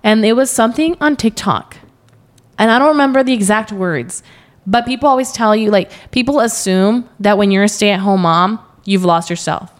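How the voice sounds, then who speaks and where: A woman's voice: medium pitch, moderate pace. A young adult woman chatting as a podcast guest, telling a story with lots of quoted asides and frequent laughter. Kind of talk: casual interview chat.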